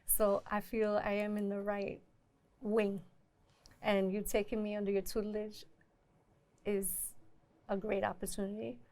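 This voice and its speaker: A woman's voice: medium pitch, level tone, a little slow, pauses often, darkish tone. A young woman, a musical theater student, answering her coach earnestly with frequent giggles. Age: young adult. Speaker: acting student. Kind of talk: casual interview.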